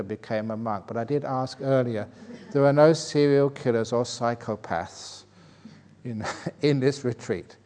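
An older man, a Buddhist monk, giving a dharma talk at a retreat, telling anecdotes, chuckling at his own jokes and rising into animated rhetorical questions. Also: mid-range voice.

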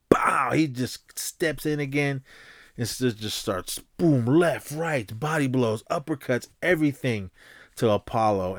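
With a fairly low pitch, a man hosting a podcast loosely retells a movie scene as a casual recap, animatedly acting out the punches with sound effects. Fillers and restarts pepper his rambling delivery, and the sound is clean studio quality with no room sound.

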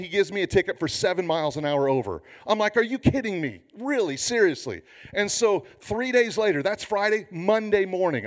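A man in his fifties, a pastor preaching a sermon with humorous, animated storytelling. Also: high voice.

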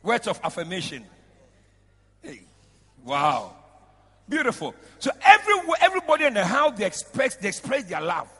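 A man, a bishop preaching a lively sermon in a large church, shouting out to the congregation and breaking into laughter. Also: high-pitched, moderate pace, long pauses, breathy edge. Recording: long reverb of a church hall.

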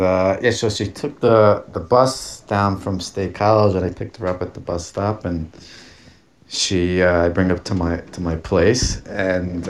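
Laughing man rambling through a story. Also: sits low. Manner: rambling, laughs often, many fillers and restarts. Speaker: podcast guest telling a story. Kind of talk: casual storytelling.

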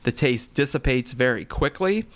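A man's voice: medium pitch, animated, normal speed. Playful male co-host chatting casually over beers. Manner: playful, jokey, sings snippets of lyrics. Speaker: podcast co-host. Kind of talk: casual beer-tasting chat.

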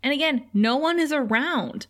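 A woman co-hosting a casual podcast, retelling scenes with lively quoted lines. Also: high-pitched, moderate pace. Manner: animated retelling, quoting characters in put-on voices. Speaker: podcast co-host. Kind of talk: casual recap chat.

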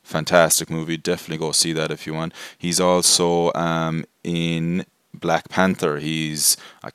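A man's voice: very deep voice, level tone, unhurried, fairly bright tone, clear, resonant tone, dry recording, clean studio sound. A man hosting a casual film review podcast, rambling and self-deprecating with lots of fillers. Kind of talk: casual spoken movie review.

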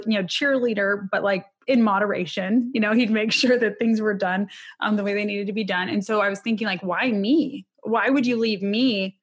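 A woman in her thirties, an interview guest telling a personal story candidly, with many fillers. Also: medium pitch. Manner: candid, emotional, with many fillers and quick laughs.

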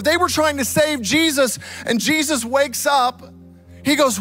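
A man preaching a sermon, telling a story dramatically and swinging from loud to hushed. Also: very high voice, normal speed, soft background music. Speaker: pastor.

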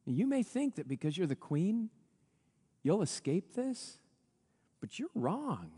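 Animated male pastor in an echoing hall. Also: sits high, slow pace, husky. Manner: animated retelling that acts out the characters' lines. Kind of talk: storytelling sermon.

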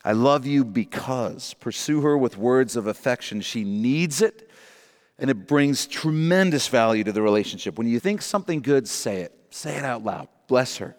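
A middle-aged man preaching a sermon on marriage, animated and joking, repeating short refrains for emphasis. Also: medium pitch, normal speed, long reverb tail. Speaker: pastor.

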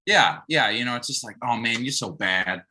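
A man's voice: mid-range voice, lively intonation, moderate pace, bright, forceful tone, breathy edge, low-quality recording. A man in casual podcast chat, a co-host speaking earnestly and leaning on lots of fillers. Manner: earnest, uses many fillers. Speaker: podcast co-host, campus minister.

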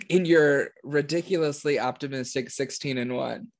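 A man's voice: medium pitch, normal speed. A young man chatting casually about football predictions, thinking aloud with lots of fillers and restarts. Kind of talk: casual sports chat.

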